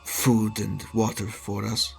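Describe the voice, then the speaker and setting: A man voicing a calm old leader of freed prisoners, speaking slowly in a put-on accent. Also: on the low side, creaky, faint music behind. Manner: slow, measured speech in a put-on accent.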